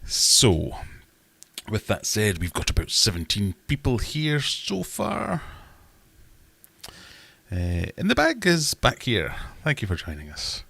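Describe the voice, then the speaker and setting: Jokey low-voiced quizmaster. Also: male voice, huge pitch swings, takes it slowly, gravelly, pushed and bright, husky, dry recording. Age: 20s. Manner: jokey, self-mocking, reads questions aloud. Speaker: livestream host and quizmaster. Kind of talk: casual livestream chat and quiz hosting.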